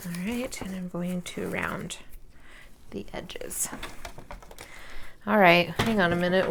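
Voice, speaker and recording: A woman's voice: lowish voice, background noise. A tired woman in her thirties chatting casually at home while she crafts, rambling with lots of fillers. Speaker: crafting vlogger and mother.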